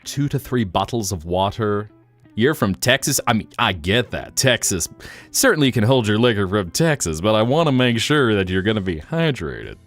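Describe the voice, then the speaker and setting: Animated, low-voiced male streamer. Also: moderate pace, soft background music. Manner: animated, rambling, jokey. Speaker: live stream host. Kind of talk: casual live stream chat.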